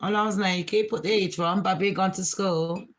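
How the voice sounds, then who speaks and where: Middle-aged woman streamer, frank and rambling, street slang, mid-pitched. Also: fairly even intonation, fairly quick. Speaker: livestream host. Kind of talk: casual live chat with viewers.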